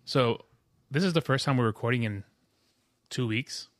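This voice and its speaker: A man co-hosting a casual podcast, telling stories in a lively, chatty way. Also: mid-range voice, moderate pace, no room sound. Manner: animated storytelling, mimics neighbors. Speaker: podcast co-host. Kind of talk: casual chat.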